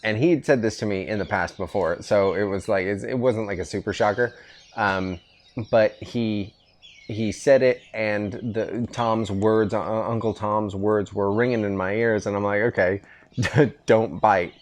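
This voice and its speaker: A middle-aged man with a lowish voice tells stories in a relaxed, rambling way, often stopping and restarting his sentences. He is hosting a casual chat out on a veranda. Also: normal speed. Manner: rambling, easygoing storytelling with restarts. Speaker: podcast host. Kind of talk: casual father-son chat. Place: outdoor veranda.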